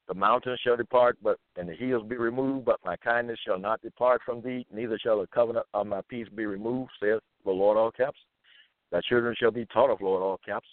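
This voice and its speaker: A man reading scripture verses aloud and commenting on them, slowly repeating phrases with fillers between them. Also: on the low side, fairly even intonation, no echo. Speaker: self-styled preacher. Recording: tinny phone-like line.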